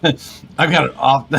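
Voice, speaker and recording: A man co-hosting a casual livestream, relaxed, laughing often as he reads viewer comments aloud. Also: fairly high pitch, vocal fry, slightly rough. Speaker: livestream co-host.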